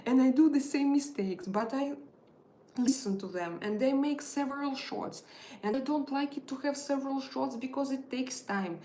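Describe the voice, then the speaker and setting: Her voice sits high and warm at a normal speed as this tarot reader and channel host leads a relaxed live stream. She talks haltingly, full of filler sounds and non-native phrasing, and the recording carries a roomy echo plus a little hiss or hum.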